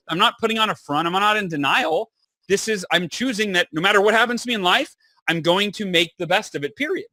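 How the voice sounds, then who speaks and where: A man in his thirties, a podcast guest telling a personal story in an animated way and acting out the dialogue. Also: high-pitched, dry recording. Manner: animated, acts out quoted dialogue. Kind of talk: storytelling in an interview.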